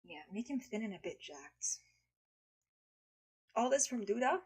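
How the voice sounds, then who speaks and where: A woman's voice: fairly high pitch, sing-song, measured pace, a little mellow, breathy edge, low-quality recording. A woman live streaming in casual chat, playful and blunt, swearing freely, speaking English as a second language. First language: not English.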